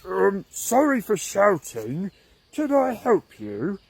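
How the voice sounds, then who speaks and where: A man voicing a grumpy, hot-tempered caveman who shouts and yelps. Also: high voice, wildly swooping pitch, slow pace, husky, dry recording, pitched above the performer's own voice, exaggerated voice. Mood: sheepish. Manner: shouting and yelping.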